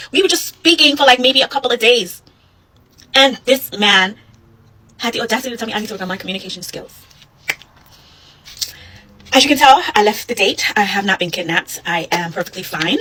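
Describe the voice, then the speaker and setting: A woman casually telling a story with animated, fast delivery and acted dialogue. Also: fairly high pitch, husky, rough recording.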